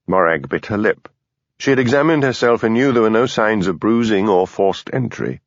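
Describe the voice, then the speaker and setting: A man narrating a mystery audiobook in an expressive, lively reading. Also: on the low side, normal speed, no room sound. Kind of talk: scripted narration. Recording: dull, dry studio sound.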